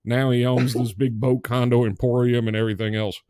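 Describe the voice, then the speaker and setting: A man's voice: medium pitch, flat delivery, fairly quick, mellow, clean tone, no echo, studio quality. Laughing, joking man in casual chat. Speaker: podcast co-host.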